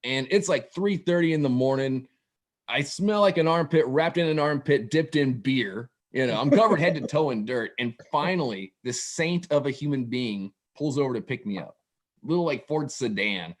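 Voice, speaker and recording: A man telling a wild story for laughs, profane and animated, with laughing asides. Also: medium pitch, normal speed. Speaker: guest storyteller. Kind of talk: comedic storytelling.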